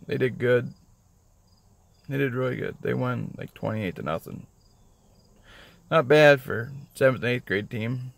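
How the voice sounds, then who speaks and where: A man's voice: mid-range voice, gravelly. A man rambling on his vlog from his parked car, swearing often and mocking himself. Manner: rambling, profane, self-mocking. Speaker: vlogger. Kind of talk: casual vlog talk.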